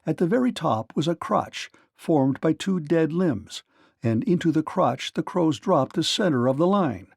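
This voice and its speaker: Male narrator for a kids' read-along, gravelly and lively, dry close recording. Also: fairly high pitch, measured pace, dry recording. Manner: animated storytelling. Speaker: storyteller.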